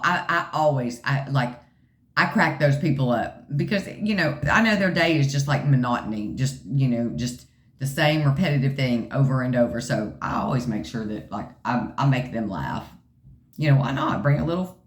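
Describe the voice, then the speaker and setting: A chatty woman vlogger tells a story to her viewers, joking as she goes. Her voice sits low, and the room around her rings with echo. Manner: chatty, joking, acts out quotes in a high voice. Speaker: vlogger sharing her health journey.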